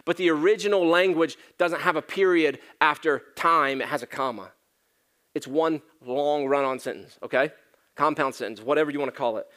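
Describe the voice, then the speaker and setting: A man preaching a sermon to his church, talking conversationally, with emphatic rises and hushed drops. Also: on the high side, normal speed. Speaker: pastor.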